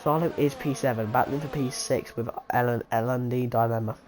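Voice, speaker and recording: A man giving live race commentary, excitable and jokey, swearing and tossing in slang as he banters with his co-commentator. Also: medium pitch, a little fast, a little hiss or hum, low-quality recording. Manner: excitable, sweary, jokey, keeps tagging "bruv". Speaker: sim racing commentator.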